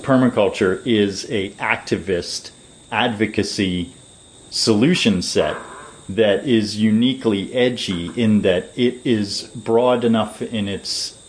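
A man giving long, measured, lecturing answers as a permaculture designer in an interview. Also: on the low side, rough recording.

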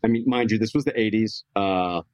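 An author from Texas speaks as an interview guest, recounting his childhood plainly and frankly. His voice is very low, and the sound is dry and close. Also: fairly quick, darkish tone, dry recording. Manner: frank, matter-of-fact. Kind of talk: interview storytelling.

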